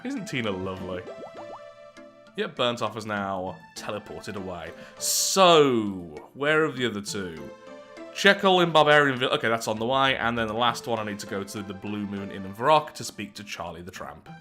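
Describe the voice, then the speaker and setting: A man's voice: medium pitch, bright, forceful tone. A man giving joking, self-mocking commentary on a game he is playing. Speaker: gaming video creator.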